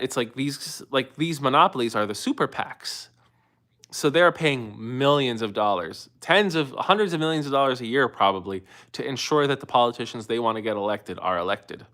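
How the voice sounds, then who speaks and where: A man's voice: mid-range voice, sharp tone. A man in his thirties hosting a live stream, chatting loosely with viewers and answering their questions, rambling with many restarts. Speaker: livestream host. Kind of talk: casual live-stream talk answering chat.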